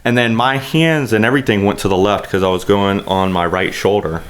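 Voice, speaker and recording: A man co-hosting a casual podcast, telling an animated, profanity-heavy story in a rambling way. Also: on the low side, a little fast, smooth. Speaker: podcast co-host.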